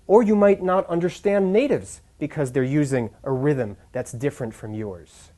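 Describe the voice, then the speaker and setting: A man teaching English pronunciation in a scripted lesson, speaking deliberately and stressing key syllables. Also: fairly high pitch, dark tone.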